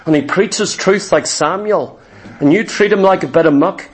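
Male pastor, high pitch, dramatic storytelling sermon, emphatic and exhortative. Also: normal speed. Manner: dramatic storytelling, acting out the characters' lines.

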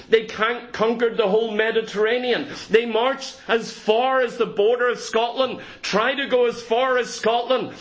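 A man with a Northern Irish accent preaches with fervent emphasis. His voice sits high for a man. He drives his points home with rhetorical questions, building each one. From Northern Ireland. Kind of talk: sermon.

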